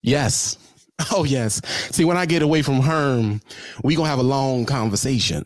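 A man's voice: medium pitch, expressive, a little fast, dry recording, studio quality. A middle-aged man, a truck driver, telling a comic story in a chatty, slangy way and talking straight to his viewers.

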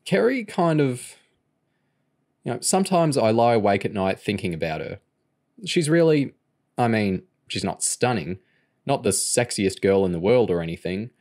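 A man's voice: on the low side, expressive, normal speed, a little mellow, natural voice. A man voicing an earnest, uneasy teenage boy in a storybook reading. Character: awkward teenage boy, touchy and unsure.

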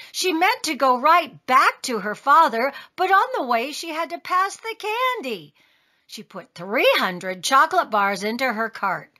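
A woman reading a children's story aloud in an expressive, sing-song way. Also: sits high. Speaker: storybook reader.

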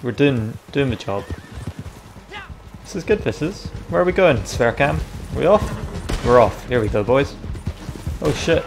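A young man chatting casually over his gameplay, reacting out loud and swearing freely. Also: medium pitch, lively intonation, measured pace, vocal fry, pauses often, over music. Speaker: gaming video creator.

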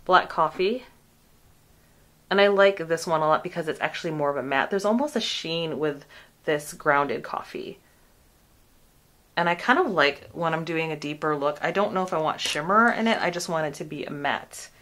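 A woman's voice: low-pitched, expressive, normal speed, a bit bright. A woman beauty vlogger chatting casually through a product review, with lots of fillers and asides.

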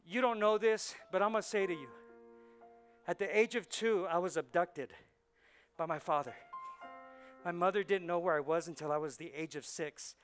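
High-voiced man preaching with passion. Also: moderate pace, long pauses, faint music behind. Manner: impassioned preaching, swinging between hushed and loud. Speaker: pastor. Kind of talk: sermon. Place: church service.

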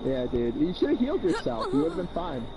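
Lively male teammate giving callouts. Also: fairly high pitch, heavy background noise. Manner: quick callouts and directions to his teammate. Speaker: teammate in the game. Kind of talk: casual gameplay chat. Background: game music.

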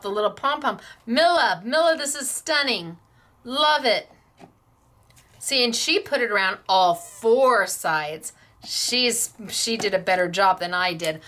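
A woman's voice: fairly high pitch, bright, forceful tone. A woman hosting a craft class, gushing with admiration over viewers' handmade projects.

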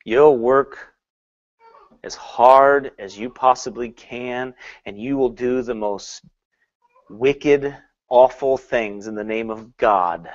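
A man preaching a sermon in an animated way, swinging between loud and hushed, laughing often and mocking with put-on quotes. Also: mid-range voice, lo-fi sound.

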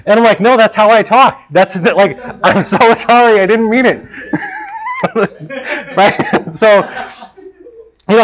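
A man in his thirties giving a casual talk to students as a guest speaker, chatty and self-deprecating, laughing often. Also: a little high. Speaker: guest speaker, lead programmer. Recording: muffled lo-fi recording.

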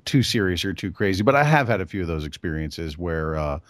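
A man's voice: deep voice, very animated, fairly quick, a bit bright, no echo. A man guesting on a casual podcast, recorded close and dry. His voice moves up and down a lot. He hedges and rambles, with laughs slipped in between phrases.

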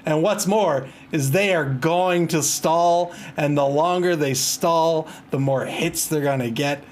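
A man's voice: a little high, slow pace, slight background noise. A man doing casual play-by-play commentary on a match. He laughs often, is wry and self-amused, and groans in mock despair at the plays.

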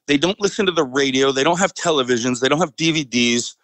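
A man's voice: mid-range voice, fast talker, fairly bright tone, no echo, rough recording. A man, a military veteran and podcast guest, telling a story casually with many fillers and frequent chuckles. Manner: rambling, fillers, chuckles often.

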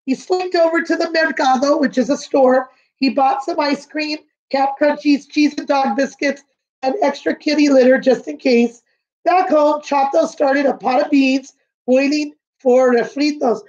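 A woman kindergarten teacher reading a picture book aloud to children, gently explaining words and asking them questions. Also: high-pitched, steady tone, a little slow, dull audio.

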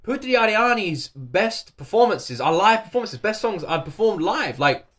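A man's voice: high-pitched, very animated, moderate pace, fairly bright tone. A British man from England hosting a reaction video from his attic, tearful and gushing, repeating himself and laughing between words. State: tearful, voice thick with crying. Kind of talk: casual reaction commentary. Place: cold attic at home.

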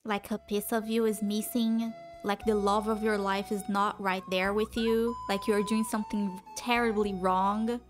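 A woman's voice: medium pitch, level tone, unhurried, hardly any pauses, soft background music. A woman reacting to a TV drama, emotional and gushing, cursing freely in casual commentary.

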